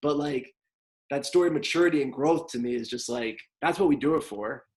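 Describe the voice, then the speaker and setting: A man's voice: medium pitch, fairly quick, noisy background. A man, a wrestling coach telling a long story in a casual podcast chat, rambling with lots of fillers.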